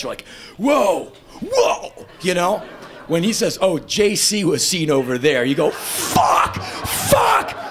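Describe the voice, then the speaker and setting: A man in his fifties telling a profane, animated story as a spoken word performer, breaking into loud shouts. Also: mid-range voice, a little hiss or hum. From United States. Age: 50s.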